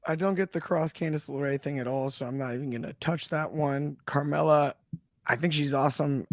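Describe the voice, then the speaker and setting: Gravelly guy cohosting a podcast, bit high, excited, stumbles and restarts. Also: dry recording, studio quality. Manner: enthusiastic, with halting restarts. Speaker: podcast co-host. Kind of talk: casual wrestling chat.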